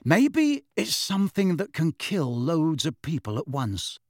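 A man's voice: a little high, huge pitch swings, a little slow, dry recording, clean studio sound, voice pushed up, full character voice. A man doing George, an eager teenage wizard.

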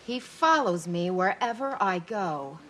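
A woman's voice: mid-range voice, animated, a little slow, a bit bright. An actress playing a worried young married woman in a sitcom, earnest and pleading. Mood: complaining. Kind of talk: sitcom acting.

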